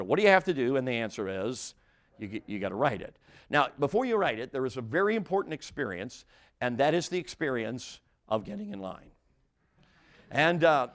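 An older male preacher delivers a sermon with a humorous personal story, his voice swinging up and down with lively expression. He talks straight to the congregation, tossing them questions and starting his sentences over as he goes. His pitch sits in the middle of the male range. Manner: animated, audience-engaging, frequent restarts and asides. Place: church before a congregation.

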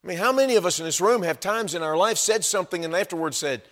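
A man preaching a sermon, swinging between quiet asides and loud, shouted emphasis. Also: sits high, expressive, fast, hardly any pauses, big-room sound.

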